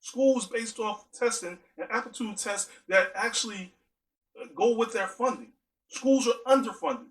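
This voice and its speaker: A man's voice: high voice, a little slow, poor audio. A man giving an earnest spoken monologue, driving his points home with strings of rhetorical questions.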